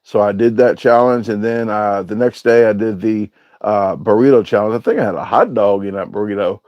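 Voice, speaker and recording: A man's voice: on the low side, a little fast, dry recording, dull audio. Rambling man hosting a livestream, dry sound. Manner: rambling, hesitant, with many filler sounds. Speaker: livestream host reading viewer chat. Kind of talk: casual live-stream chat.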